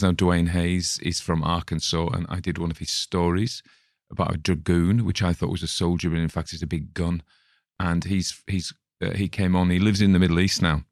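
A man's voice: low voice, no room sound, clean studio sound. A man hosting his own podcast, chatting in a rambling, digressive way about a short story he has just read. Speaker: podcast host. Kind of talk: casual chat about a story.

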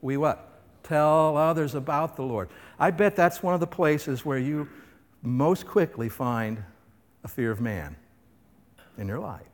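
A pastor preaching a sermon, emphatic and fond of asking his listeners questions. His voice sits somewhat high for a man. It carries the long reverb of a large hall. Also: unhurried. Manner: emphatic, full of rhetorical questions.

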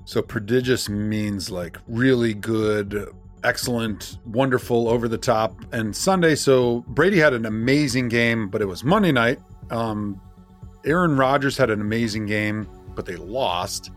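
A man's voice: medium pitch, measured pace, faint music behind. A man co-hosting a sports podcast, chatting casually and laughing often while he runs a vocabulary quiz. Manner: playful, laughs often, reads quiz questions. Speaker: podcast co-host. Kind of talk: casual chat.

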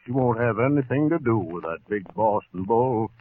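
In a 1940s radio comedy, an actor plays a joking, folksy male dog veterinarian who loves puns. His natural, expressive, mid-range voice moves at normal speed, heard through a tinny old radio broadcast with a little hiss or hum.

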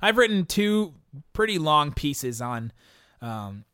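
A man's voice: fairly high pitch, sing-song, takes it slowly, fairly bright tone, clear, resonant tone, dry recording. Dry-sounding young male podcast host. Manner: rambling, laughs often, frequent restarts and fillers. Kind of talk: casual podcast chat answering listener questions.

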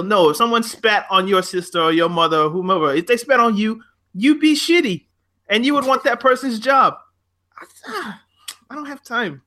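Blunt man, high, bright voice, swings widely in pitch, heated co-host. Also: normal speed. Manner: blunt, animated, swears freely. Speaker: podcast co-host. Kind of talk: heated casual chat.

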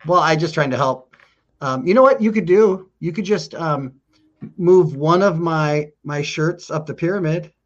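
A man's voice: a little high, moderate pace, lo-fi sound. A male cohost on a comedy show, talking in an earnest, patiently explaining way.

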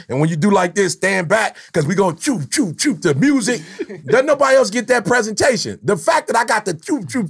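A middle-aged man speaks with a high, gravelly voice. He tells stories in an animated, slangy way in a casual podcast chat. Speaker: podcast host.

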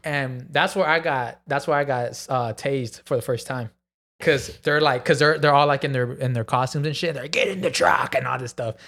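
A man's voice: medium pitch, steady tone, moderate pace, a bit bright. A man in a casual chat, telling a wild story with gasps, acted-out quotes and plenty of swearing.

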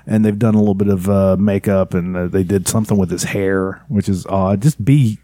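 A man's voice: sits low, flat delivery, a little fast, mellow, no room sound. A man co-hosting a casual podcast, profane and teasing in crude banter with friends. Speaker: podcast co-host.

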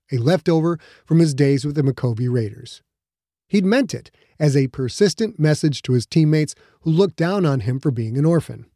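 A man reading a novel aloud as narrator, measured and even. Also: fairly high pitch, no room sound, studio quality. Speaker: audiobook narrator. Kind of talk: scripted narration.

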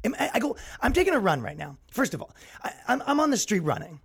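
A man's voice: sits high, very animated, quick pace, creaky, slightly rough. Ranting young man hosting a podcast. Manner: exasperated, ranting, mocks others in put-on voices. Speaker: podcast host. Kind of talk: solo comedic rant.

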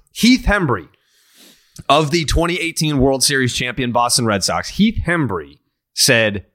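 A man's voice: mid-range voice, fairly bright tone. A man hosting a sports podcast, ranting in a profane, emphatic way during casual chat. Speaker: podcast host.

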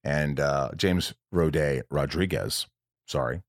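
American male podcast host, very low voice, loose rambling delivery full of fillers, dry room. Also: slow pace, dry recording. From United States. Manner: rambling, with many fillers and restarts. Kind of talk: casual podcast chat. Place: room at his home.

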